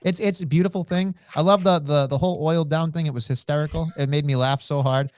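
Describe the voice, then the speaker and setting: A podcast co-host in a casual wrestling chat, talking in an animated, excitable way with lots of fillers. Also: medium pitch, fast talker.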